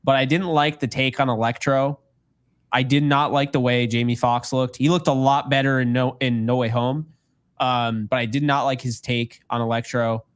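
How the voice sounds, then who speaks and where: A man's voice: medium pitch, flat delivery, moderate pace, smooth, no room sound. A man co-hosting a casual podcast, joking and rambling, laughing often. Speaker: podcast co-host. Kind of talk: casual chat.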